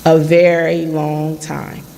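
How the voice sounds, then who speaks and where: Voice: medium pitch, monotone, slow pace, creaky, a little mellow, a little hiss or hum. A person in their late thirties giving an earnest personal testimony at a community forum, retelling past conversations in their own voice. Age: late 30s. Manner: earnest storytelling with reenacted dialogue. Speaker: forum speaker. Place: church hall. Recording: long church-hall reverb.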